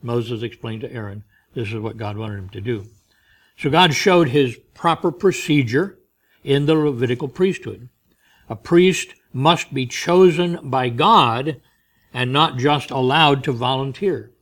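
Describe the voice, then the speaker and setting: A man preaching a sermon, emphatic, with soft asides. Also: medium pitch, measured pace.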